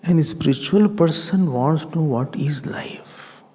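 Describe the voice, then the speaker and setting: A man, a swami giving a spiritual discourse as an animated storyteller who acts out other people. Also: fairly high pitch, unhurried. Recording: long reverb in a hall.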